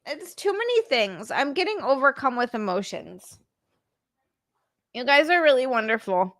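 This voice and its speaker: Excitable live-stream host, woman, high-pitched, dry recording. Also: moderate pace, no echo. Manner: excitable, reads chat aloud, gushing thanks. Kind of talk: casual live-stream chat.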